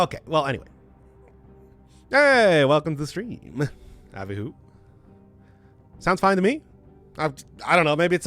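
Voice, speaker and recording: A man with a Midwestern accent talks through a game stream in a higher voice that leaps around animatedly. He rambles, trips over his own sentences and laughs easily, speaking into a desk mic with faint game music underneath. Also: fairly bright tone. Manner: rambling, self-interrupting, quick to laugh. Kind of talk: live gameplay commentary, chatting with viewers. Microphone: desk mic through a mixer.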